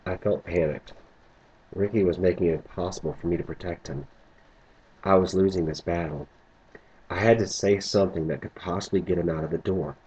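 A man narrating a first-person story in a low, subdued way, on a muffled lo-fi recording. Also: fairly even intonation, brisk, dark tone, husky.

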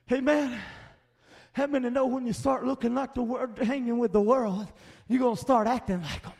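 A man preaching a sermon with a Southern Appalachian accent, rising into shouted emphasis and punctuating his points with "Amen" and "Hello.". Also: very high-pitched. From American South. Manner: fiery preaching that swells into shouts, with frequent call-outs of "Amen" and "Hello".

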